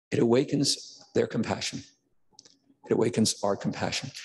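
An older man giving a conversational sermon as pastor, now and then acting out quoted voices. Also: fairly low pitch. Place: church sanctuary. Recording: long church reverb.

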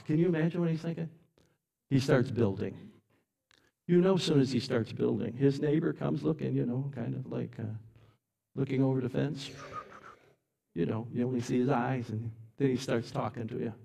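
A man preaching a sermon in a church, telling the story in an animated, dramatic way and swinging from soft to loud. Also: mid-range voice, normal speed, vocal fry, long pauses.

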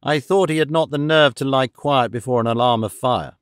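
A man doing a calm, amused master detective. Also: medium pitch, moderate pace, clear, resonant tone, no echo, studio quality, close to an everyday voice. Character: calm, clever, theatrical male detective. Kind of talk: audiobook character reading.

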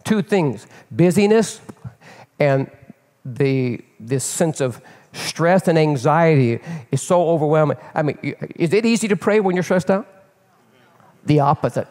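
An older male pastor tells his story from the pulpit, animated and candid, often repeating a word as he gathers steam. His voice sits on the higher side for a man. The sound rings out with the long reverb of a church sanctuary. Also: measured pace. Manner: animated, candid, repeats words while building. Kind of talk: storytelling sermon.

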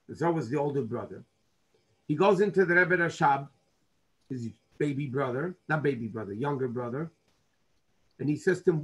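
Male rabbi, earnest storyteller; husky, fairly high-pitched voice. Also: animated, fairly quick, low-quality recording. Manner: earnest storyteller, dropping in Hebrew and Yiddish terms. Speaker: rabbi teaching a Torah class. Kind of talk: storytelling Torah lesson.

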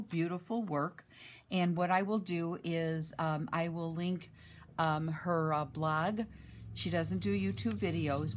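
Chatty excited woman vlogger. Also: deep voice, a little hiss or hum. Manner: chatty and excited, many fillers. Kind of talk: casual chat, showing a mail package. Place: home.

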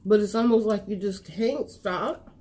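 A woman hosting a mukbang, chatting casually while eating, telling animated stories and humming as she savors each bite. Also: medium pitch, a little slow. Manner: animated storyteller, lots of savoring hums. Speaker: mukbang host.

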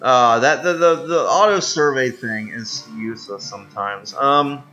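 A man's voice: mid-range voice, measured pace, pushed and bright, faint music behind. A man giving casual, rambling commentary on a strategy game, self-mocking, with lots of fillers. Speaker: gaming video host.

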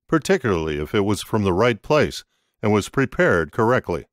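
A man narrating an audiobook in an expressive, scripted reading. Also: on the low side, no echo, clean studio sound.

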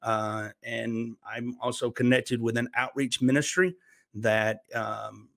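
A man's voice: medium pitch, fairly bright tone, dry recording. Earnest man with a Southern accent. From Alabama. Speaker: minister and podcast guest.

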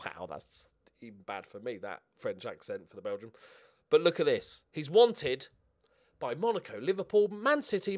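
A man giving casual, excitable commentary while he plays a football management game at home, swearing and cheering at the match. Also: mid-range voice. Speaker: gaming YouTuber. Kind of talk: casual let's-play commentary.

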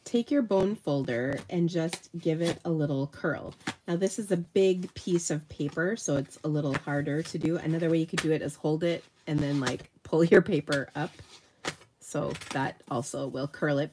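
A woman's voice: low voice, lively intonation, moderate pace, warm tone, a little hiss or hum. A middle-aged woman hosting a live card-making tutorial, chatty and self-deprecating as she thinks aloud while she works, her voice slightly nasal. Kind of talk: live crafting demonstration.

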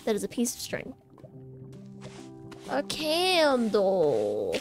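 High, lively woman playing a game. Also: drawn-out words. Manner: chatty, talks to the game, playful complaints. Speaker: gaming channel host. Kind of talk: casual gameplay commentary. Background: faint game music.

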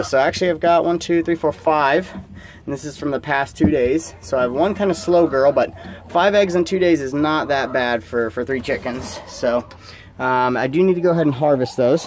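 A man's voice: a little high, normal speed, a little hiss or hum. A man casually chatting as a vlogger, outdoors in his backyard, in an easygoing, chatty way. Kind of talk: casual chat.

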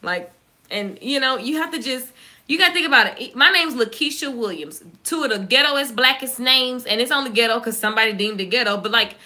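Bright-voiced Southern woman. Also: on the high side. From Southern United States. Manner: lively, joking, talks fast, reacts to viewer comments. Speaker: YouTuber. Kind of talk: casual live-stream chat.

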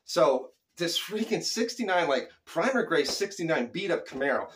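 A middle-aged man from Phoenix, Arizona, telling a childhood story casually, animated and chuckling, with loose slang. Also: on the high side, normal speed, slight background noise.

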